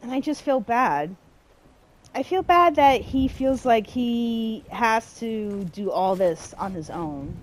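Woman gameplay commentator, unhurried, expressive, quick to vent frustration. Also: mid-range voice. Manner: expressive, easily exasperated, talks to herself. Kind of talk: casual let's-play commentary.

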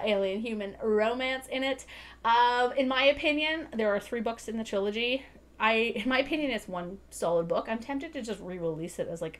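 A woman talking casually to camera about books, rambling and giggly, poking fun at herself. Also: medium pitch. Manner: giggly, rambling, self-deprecating. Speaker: book reviewer. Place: home room with bookshelves. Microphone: small desk mic.

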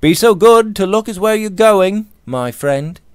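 Male reader doing a lazy young gentleman, drawling and unbothered, voice rises and falls a lot, dry close sound. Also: medium pitch, very animated, moderate pace, no room sound, pitched above the performer's own voice, close to an everyday voice. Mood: mildly amused. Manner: drawling, indifferent and mildly amused. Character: languid, easygoing young English gentleman.

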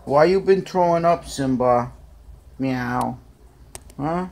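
A man's voice: medium pitch, slow, darkish tone. A man chatting to his pet cats at home by a window, cooing baby talk at them. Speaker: cat owner filming his pets. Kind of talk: casual chat to his cats.

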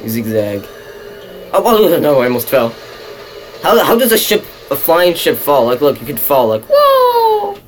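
A young man giving casual, excitable gameplay commentary, laughing and mocking his own play. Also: medium pitch, normal speed, pauses often, a little hiss or hum. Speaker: let's play gamer.

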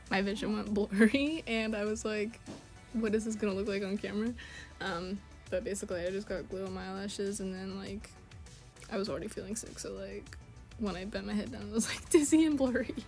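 A woman's voice: medium pitch, brisk, a little mellow, faint music behind. A young woman with a sick, stuffy voice, chatting casually while doing her makeup. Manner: chatty, self-deprecating, rambling. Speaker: beauty vlogger. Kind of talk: casual makeup tutorial chat.

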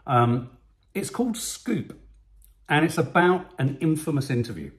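A man in middle age talking casually through a film trailer as co-host. His voice rises and falls a lot, and he thinks out loud in a chatty, musing way. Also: fairly high pitch, unhurried. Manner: chatty, musing, lively delivery. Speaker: co-host of film reaction channel. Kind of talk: casual chat.

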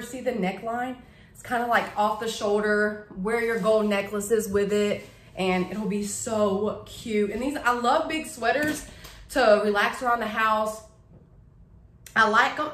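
A woman chatting casually to camera, gushing about things she bought and tripping over her words. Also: medium pitch. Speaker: vlogger showing a shopping haul. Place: home living room. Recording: echoey room.

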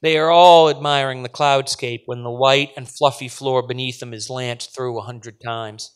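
A male author reading his fiction aloud at a live event, with vivid, dramatic narration. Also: mid-range voice. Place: live event at a literary venue.

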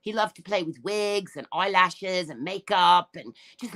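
A woman's voice: mid-range voice, animated, unhurried, few pauses, fairly bright tone. A middle-aged woman hosting a casual live stream, rambling, tearful and upset, with profane rants. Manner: rambling, emotional, profane ranting. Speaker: livestream host reading chat.

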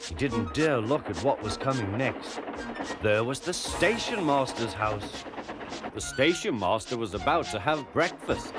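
A man narrating a children's story, clear and expressive. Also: medium pitch, slow pace, music in the background.

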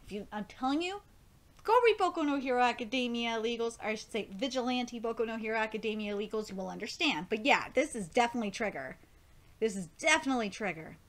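A woman hosting a live reaction video, reading comic dialogue aloud between excited, gushing comments and casual swearing. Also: on the high side, fast talker. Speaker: manga reaction host.

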